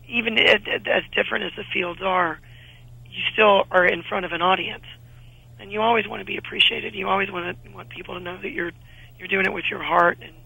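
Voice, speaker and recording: Husky, bright-voiced woman actress. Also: medium pitch, no room sound, rough recording. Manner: chatty, animated, frequent restarts. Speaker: actress guest. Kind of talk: casual radio interview chat.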